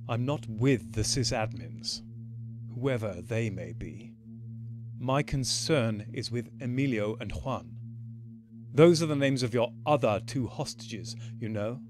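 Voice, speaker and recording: A man voicing an unflappable male alien doctor who speaks in a dry, wry, unhurried way. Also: medium pitch, lightly acted.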